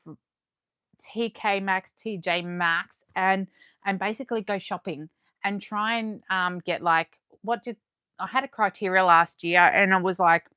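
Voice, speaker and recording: A woman's voice: medium pitch, pushed and bright, clear, resonant tone, no room sound. Chatty Australian woman, dry close sound. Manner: chatty, gushing, reading chat aloud. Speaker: livestream host. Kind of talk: live unboxing chat.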